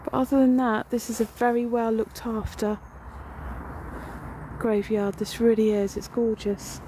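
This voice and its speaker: A woman's voice: fairly high pitch, level tone, measured pace, dark tone, slight background noise. A woman walking through a graveyard, telling a rambling ghost story in a casual vlog with lots of fillers. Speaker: paranormal vlogger. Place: outdoors in a graveyard.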